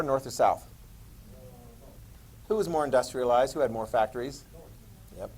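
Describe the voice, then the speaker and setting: A man teaching a history class, quizzing students with questions and joking asides in an animated lecture. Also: medium pitch, normal speed, long pauses, low-quality recording.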